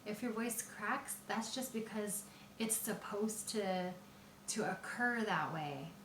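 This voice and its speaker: A woman voice teacher explaining singing technique in a patient, explanatory way, pausing often with fillers. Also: medium pitch, animated, fairly bright tone, slight background noise. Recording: roomy echo.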